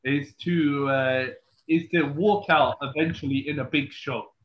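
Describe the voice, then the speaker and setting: Higher-voiced host in echoey lo-fi audio. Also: male voice, steady tone, a little slow. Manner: loose, repeats "bro" and "yeah" as tag questions. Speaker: podcast host. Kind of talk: casual interview chat.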